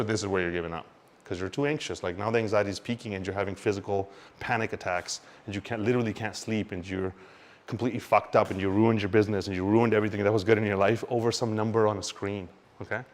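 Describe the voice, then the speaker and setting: A man teaching about crypto market cycles in an animated, expressive way, swinging between loud and quiet and mimicking panicked investors. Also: on the low side. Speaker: crypto educator. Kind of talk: explanatory talk to camera.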